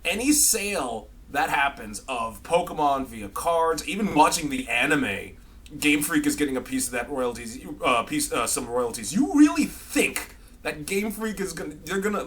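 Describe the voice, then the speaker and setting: A man co-hosting a casual podcast, talking in animated, exclaiming bursts. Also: fairly high pitch, normal speed, slight background noise. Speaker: podcast co-host. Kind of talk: casual chat.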